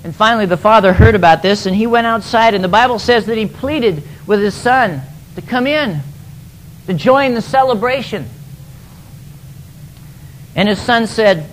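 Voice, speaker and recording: A man's voice: high-pitched, normal speed, pauses often, a little hiss or hum, poor audio. A man preaching, retelling a parable emphatically and often repeating words as he goes. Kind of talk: sermon storytelling.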